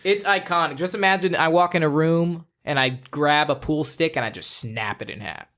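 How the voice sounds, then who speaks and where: A man co-hosting a podcast in relaxed, friendly casual chat. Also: a little high, normal speed. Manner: relaxed, friendly, uses "dude" and "iconic". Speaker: podcast co-host.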